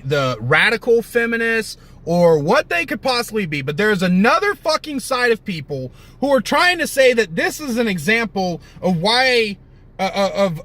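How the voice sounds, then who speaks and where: A man's voice: sits high, pushed and bright. A young man ranting in heated, profane, sarcastic commentary, often stopping to correct himself. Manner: rambling with self-corrections.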